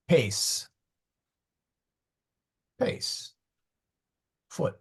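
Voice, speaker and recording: A low, husky male voice with a gravelly edge. He teaches Latin in a slow, deliberate way. He stops often to search his notes and mutters asides under his breath. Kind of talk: classroom Latin lesson.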